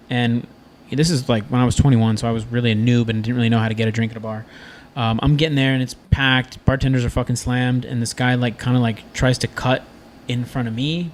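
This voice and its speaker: Young man, casual podcast guest, animated storytelling, heavy swearing, faint background noise. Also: mid-range voice. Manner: animated, swearing, acts out quoted people.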